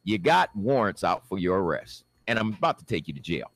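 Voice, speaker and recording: A man voicing a matter-of-fact police officer in a spoken story, raising his pitch for the part. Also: very animated, brisk, fairly bright tone, no echo, full character voice. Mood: smug.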